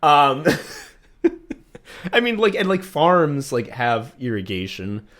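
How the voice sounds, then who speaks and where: A man's voice: medium pitch, sing-song, slow, fairly bright tone. Rambling, profane male podcast host. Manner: rambling, profane, jokey storytelling with many fillers. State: recovering from a virus. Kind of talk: casual chat.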